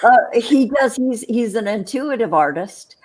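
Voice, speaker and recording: A woman co-hosting a casual livestream chat show, rambling with many restarts and quick laughs. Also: fairly high pitch, expressive, a little mellow.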